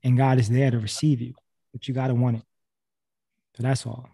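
An earnest man preaches in a casual, conversational way over a video call. He repeats his key phrases and often restarts his sentences. His voice is dark and mellow at a middling pitch. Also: level tone, fairly quick, gravelly, husky. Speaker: speaker sharing a faith testimony on a video call.

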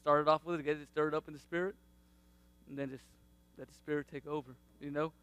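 Animated high-voiced man telling a testimony. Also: fast, clean tone. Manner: animated, laughs often, acts out quotes. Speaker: father sharing faith testimony. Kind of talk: casual testimony.

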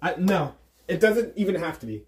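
A man's voice: sits high, big pitch swings, moderate pace, a little mellow. A young man voicing a bossy, scheming plush villain leader who gives orders with stammering restarts in an amateur plush show. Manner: commanding, stammering restarts, laughs often. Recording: noisy home recording.

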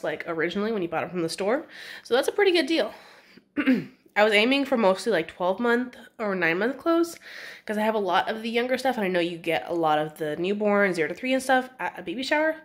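A woman's voice: mid-range voice, expressive, a little fast. Chatty young woman, slightly stuffy nose. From California. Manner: chatty, rambling, self-deprecating, laughs at herself. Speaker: vlogger. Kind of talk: casual vlog chat to camera. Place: at home.

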